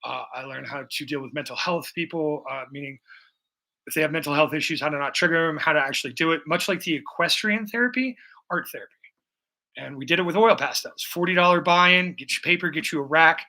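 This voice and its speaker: Speaking a little high and a little fast, this man has a creaky, sharp tone. He's a painting livestream host in his bedroom at home, rambling to viewers in a casual, jokey, profane way as he paints.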